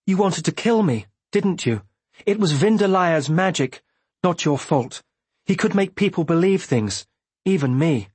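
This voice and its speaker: A man's voice: a little high, expressive, measured pace, a little mellow, slightly rough, dry recording, pitched above the performer's own voice. A man voicing a wounded father who speaks in a thick, tired voice. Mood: weary.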